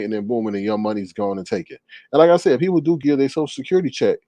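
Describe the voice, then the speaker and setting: A man's voice: medium pitch, rapid-fire, dry recording. Sassy man reading live chat. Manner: sassy, animated, reads chat aloud with dramatic reactions. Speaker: live stream commentator. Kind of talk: casual live stream commentary.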